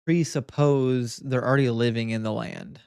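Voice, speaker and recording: Podcast guy, gravelly creaky voice, opinionated and jokey, dry close sound. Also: medium pitch, fairly even intonation, moderate pace, a little mellow, no room sound. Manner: opinionated, joking, half-serious rants. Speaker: podcast co-host. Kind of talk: casual chat.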